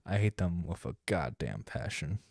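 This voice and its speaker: A man hosting a stream reacts to a clip in a rambling, exasperated way, swearing freely in casual commentary. His voice is low-pitched and sing-song with vocal fry and a darkish tone, at a moderate pace, captured in studio quality with no room sound.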